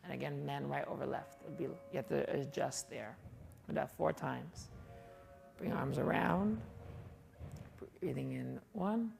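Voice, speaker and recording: In a martial arts and fitness studio, a woman leads a qigong class, giving chatty, folksy instructions with asides as she guides the exercises. Her bass voice is unhurried and a little mellow, with vocal fry and frequent pauses, and faint music plays behind her.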